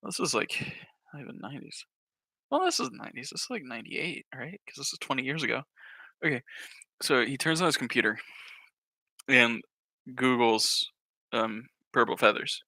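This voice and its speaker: A young man and YouTuber telling a comic story in an animated, jokey way. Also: medium pitch, normal speed, long pauses, no room sound. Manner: animated, jokey, breaks off with laughter. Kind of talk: comedic storytelling.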